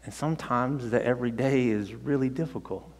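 A man's voice: medium pitch, brisk. Guy preaching in church, chatty storytelling, stumbles n restarts, big echoey hall. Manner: conversational, animated storytelling with repeated restarts. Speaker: pastor. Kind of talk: sermon. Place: church sanctuary. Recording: long hall reverb.

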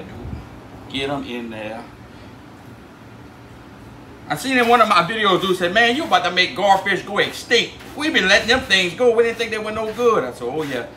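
A Cajun man narrates his own cooking in a relaxed, drawling way, often tossing in a casual word of address. His voice sits a little high for a man. The sound is roomy and echoey, with loud ambient noise behind him. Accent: Cajun Louisiana. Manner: laid-back drawl, says "dude" a lot. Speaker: cooking channel host.

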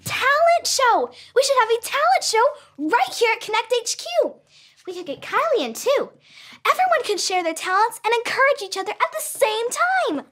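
A performer playing Dot, an eager young girl helper on a children's church show who is quick to cheer. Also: very high-pitched, very animated, fairly bright tone, exaggerated voice. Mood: excited.

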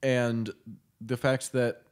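A man's voice: mid-range voice, flat delivery, smooth. A man co-hosting a film podcast, making joking, sarcastic remarks about the movie. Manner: joking, sarcastic, quick asides. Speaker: podcast co-host. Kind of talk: film commentary chat.

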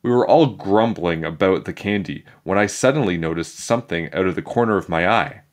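A man reading a children's chapter book aloud in a playful, animated storytelling manner. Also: sits low, fairly quick. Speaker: storybook reader.

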